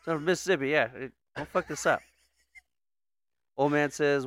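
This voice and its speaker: A man co-hosting a podcast, telling a joke in a relaxed way and laughing often. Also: a little high, measured pace, no room sound, studio quality. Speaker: podcast co-host. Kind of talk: casual chat, joke telling.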